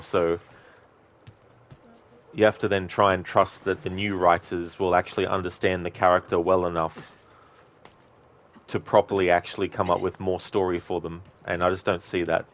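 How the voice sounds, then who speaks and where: Low-voiced gaming streamer chatting. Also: male voice, a bit bright. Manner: rambling, talkative, answers chat directly. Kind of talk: casual live-stream chat while playing.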